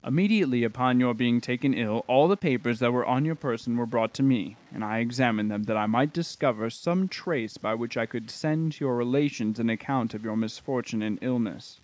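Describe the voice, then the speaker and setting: Man reading a middle-aged magistrate, measured formal delivery, mid-pitched voice. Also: darkish tone, natural voice, rough recording. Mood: earnest. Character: middle-aged male magistrate, kindly but stern. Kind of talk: audiobook character reading.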